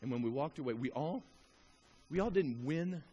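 A man preaching a storytelling sermon who swings from a hushed murmur to shouting and exhorts the congregation directly. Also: fairly high pitch, expressive, moderate pace, slightly rough, highs cut off.

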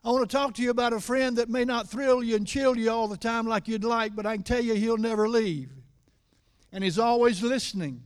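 A middle-aged man preaches a sermon in a steady tone, swinging between loud emphatic lines and low confiding asides. He slowly stretches key words for emphasis.

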